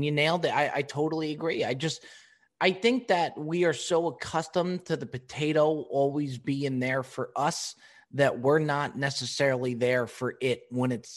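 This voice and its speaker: A man hosting a podcast, telling a funny story in a lively way and answering voicemails. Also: mid-range voice. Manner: animated, laughing storyteller. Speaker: podcast host.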